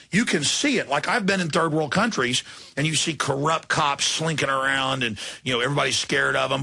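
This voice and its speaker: Gravelly, heated talk radio host. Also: male voice, a little high, pushed and bright. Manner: rambling, heated, many restarts. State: exhausted after long broadcast. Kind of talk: impassioned talk radio storytelling.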